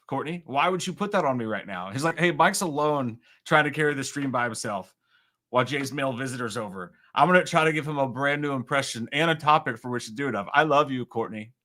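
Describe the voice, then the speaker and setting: A man in his thirties hosting a livestream alone and reading out viewer comments in a rambling, self-mocking way, swinging from loud outbursts to quiet asides. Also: mid-range voice. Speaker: livestream host.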